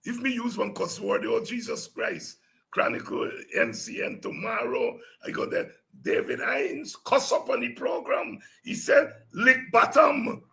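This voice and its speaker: A man hosting a political talk show, telling animated stories and breaking into song. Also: very high voice, a little slow, vocal fry. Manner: animated storytelling, breaks into singing and shouting. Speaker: show host.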